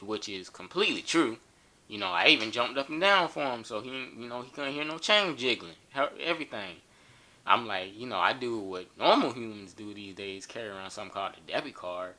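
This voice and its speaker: A man's voice: fairly low pitch, pushed and bright. A man telling a funny story in a casual, joking and profane way.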